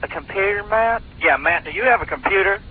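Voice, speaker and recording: A man's voice: high voice, brisk, husky. A man posing as a phone operator in a prank call, rambling and hesitant with a mock-official tone. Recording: tinny phone line, faint hiss.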